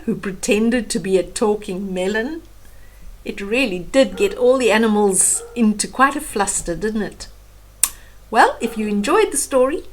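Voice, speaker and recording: Older lady reading a kids story aloud, slow, stops to chat about the pictures. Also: fairly high pitch. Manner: chatty asides about the pictures.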